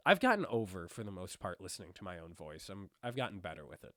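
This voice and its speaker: A man's voice: deep voice, very animated, fast, sharp tone, dry recording, clean studio sound. A congested young man co-hosting a podcast, chatting in a laid-back, joking way. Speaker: podcast co-host. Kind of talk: casual podcast chat.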